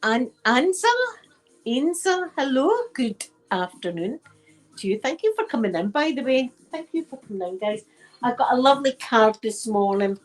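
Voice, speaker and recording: A woman's voice: on the high side, lively intonation, normal speed, soft background music, low-quality recording. A Scottish woman chatting casually to her livestream viewers from home on her phone, rambling and repeating herself. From Scotland. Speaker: livestream host. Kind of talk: casual chat.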